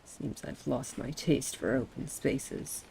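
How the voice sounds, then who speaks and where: A streamer voicing a quiet, seasick traveler who speaks in a slow, reflective way. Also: mid-range voice, vocal fry, slight background noise, poor audio. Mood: wistful. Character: seasick, brooding traveler on a boat.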